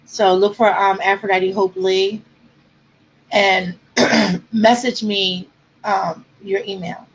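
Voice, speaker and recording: A woman's voice: mid-range voice, flat delivery, takes it slowly, pauses often, slightly rough, low-quality recording. A woman author chatting with her viewers on a livestream, answering comments and close to tears at times. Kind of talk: casual livestream chat.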